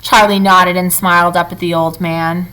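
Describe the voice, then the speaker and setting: A woman reading a children's book aloud in an expressive, lively storytelling manner. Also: lowish voice, normal speed, clean tone, rough recording.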